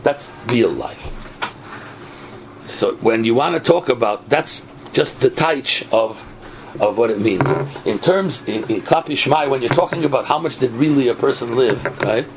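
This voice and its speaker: A man giving a Torah lecture in an animated way, often asking his listeners "right?". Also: mid-range voice, unhurried. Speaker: Torah teacher. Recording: noisy recording.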